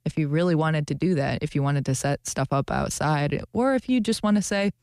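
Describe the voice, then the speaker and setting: A woman's voice: low voice, a little fast, a little mellow, dry recording, studio quality. A young woman co-hosting a radio show, chatting casually and animatedly, often laughing. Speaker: radio co-host. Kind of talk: casual chat.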